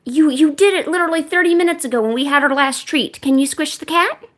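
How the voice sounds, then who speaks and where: A woman who streams art chats casually, slipping into playful baby talk as she coaxes her cats. She speaks fast in a high-pitched, somewhat bright voice.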